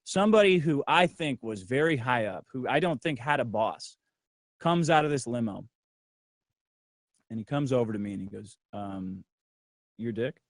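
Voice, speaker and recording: Brief: middle-aged man, brash profane storyteller, mid pitch, dry close sound. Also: lively intonation, normal speed, dry recording. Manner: acts out others' lines in a low voice. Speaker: guest. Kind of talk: casual storytelling on a livestream.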